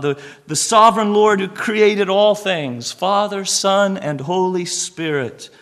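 A man preaching a sermon with a fairly high voice. He is earnest and builds long lists of phrases, then sinks to a near hush to stress a point. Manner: earnest, drops to hushed emphasis on key phrases; repeats and lists phrases for emphasis.

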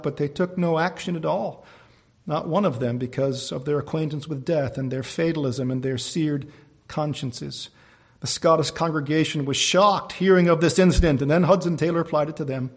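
Man, preacher, sermon, fairly high voice, impassioned, storytelling. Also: moderate pace. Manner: storytelling with loud impassioned exclamations.

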